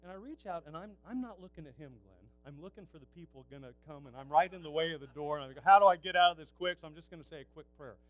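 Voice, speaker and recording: A middle-aged man preaching, telling stories in a hushed voice and then exhorting loudly. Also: on the high side, racing, hardly any pauses, rough recording. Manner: swings from hushed storytelling to loud exhortation. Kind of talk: sermon storytelling.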